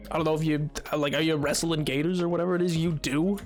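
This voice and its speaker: A man's voice: a little high, fairly even intonation, fast, soft background music. A man live streaming while gaming, chatting with viewers in a put-on 1920s radio announcer accent, playful and laughing often.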